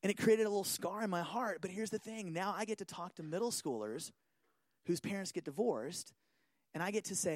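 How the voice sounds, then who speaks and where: High-voiced, animated young youth pastor. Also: male voice, brisk, dry recording. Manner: animated, playful, self-deprecating, bursts into shouts. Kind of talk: youth sermon.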